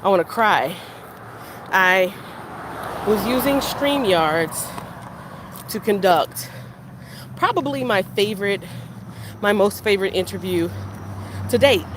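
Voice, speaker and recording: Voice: mid-range voice, animated, takes it slowly, pauses often. A frustrated, upset vlogger venting while walking beside a road, rambling and restarting sentences, with faint traffic behind. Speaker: vlogger and business interviewer. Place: outdoors beside a busy main road. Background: faint street traffic.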